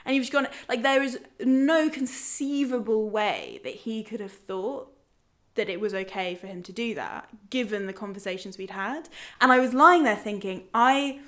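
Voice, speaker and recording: A woman's voice: on the high side, expressive, moderate pace, a bit bright. A woman frankly recounting a personal experience on a podcast, full of fillers and restarts. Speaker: podcast guest telling a personal story. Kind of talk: candid personal storytelling.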